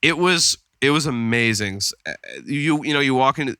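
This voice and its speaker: A man's voice: mid-range voice, expressive, moderate pace, sharp tone, smooth, no echo. A man co-hosting a podcast in casual chat, rambling through stories with lots of fillers. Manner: rambling storyteller with many fillers. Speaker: podcast co-host. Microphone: studio podcast mic.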